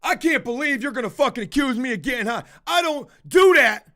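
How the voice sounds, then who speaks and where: A man's voice: very high voice, a little fast, sharp tone, voice pushed up. A man doing a frantic, defensive worker. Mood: manic, defensive. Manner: frantic, protesting, cursing. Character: manic defensive male worker caught high.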